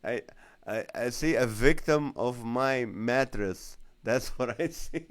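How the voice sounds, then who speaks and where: A man's voice: mid-range voice, slow. A male comedian hosting a casual live stream, reading viewer comments aloud and laughing often. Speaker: comedian host of a live show.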